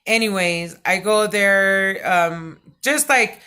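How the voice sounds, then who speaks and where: A middle-aged woman talks to her viewers in a casual vlog, loud and stern and quick to get worked up, stringing her story together with lots of "you know" and "like." Her voice is bright and sharp, sitting at an ordinary pitch for a woman. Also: clean tone. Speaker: vlogger.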